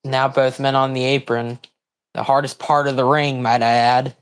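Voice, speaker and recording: A man hosting a livestream, giving casual, rambling commentary on a wrestling broadcast and breaking into excited outbursts and confused reactions. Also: medium pitch, moderate pace, clear, resonant tone. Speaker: livestream host.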